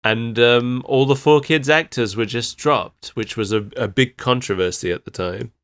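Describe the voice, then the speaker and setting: A man's voice: medium pitch, normal speed, fairly bright tone, clear, resonant tone. A man co-hosting a podcast, casually chatting and often laughing mid-sentence. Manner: giggly, laughs through sentences. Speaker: podcast co-host. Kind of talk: casual chat.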